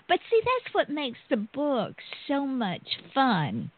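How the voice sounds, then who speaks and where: A woman's voice: high voice, huge pitch swings, slow pace. A woman hosting a radio interview, chatty and drawing her words out. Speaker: radio host. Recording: tinny phone line.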